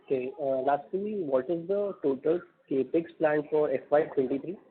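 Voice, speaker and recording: A man's voice: a little high, normal speed, slight background noise. A male analyst with an Indian English accent asking brief, direct questions on an earnings call. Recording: husky tinny phone line.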